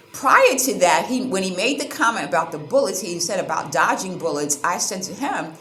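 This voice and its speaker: A woman from the United States telling a story to camera as a vlogger, animated and indignant, acting out the back-and-forth of an argument. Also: mid-range voice, a little fast, slight background noise. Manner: animated, indignant retelling with quoted exchanges. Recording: roomy sound with faint ambience.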